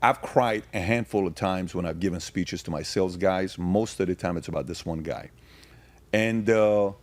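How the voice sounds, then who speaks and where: Man, podcast guest, low-pitched, dry close sound; casual storyteller who gets emphatic when arguing. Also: a little mellow, no echo. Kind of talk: casual conversation.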